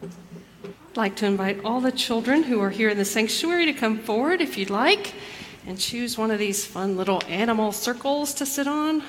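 A woman pastor giving a gentle children's message and sermon in church. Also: a little high, animated, moderate pace. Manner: gentle, storytelling. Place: church sanctuary. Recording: long church reverb.

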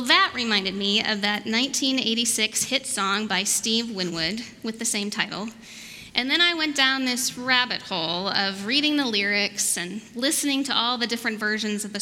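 A woman pastor giving a children's message and sermon in a church sanctuary, coaxing and asking questions. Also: on the high side. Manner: warm, coaxing, asks questions. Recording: reverberant church hall, faint noise.

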